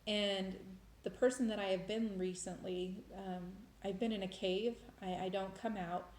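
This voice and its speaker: Woman vlogger, mid pitch, emotional and rambling, recorded in an echoey room. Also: steady tone, measured pace. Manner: emotional, rambling with many restarts. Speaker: vlogger sharing faith experiences. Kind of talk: casual testimony monologue. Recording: roomy echo.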